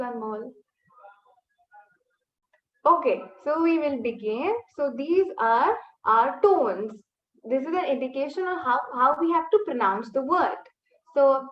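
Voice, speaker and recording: A woman teaching a live online language lesson, modelling tones slowly and clearly for learners to repeat. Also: high-pitched, animated, echoey room, muffled recording. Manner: slow, drawn-out modelling of tones for repetition.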